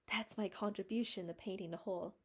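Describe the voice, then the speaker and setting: A woman voicing a cheerful, put-upon older woman from a storybook, talking fast and out of breath. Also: medium pitch, steady tone, darkish tone, breathy edge. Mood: hurried. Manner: hurried, out of breath.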